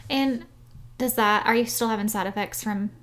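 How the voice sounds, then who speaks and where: A woman co-hosting a casual chat podcast, asking questions and gently teasing her friend. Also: mid-range voice, moderate pace. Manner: supportive, asks questions, teasing. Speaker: podcast co-host.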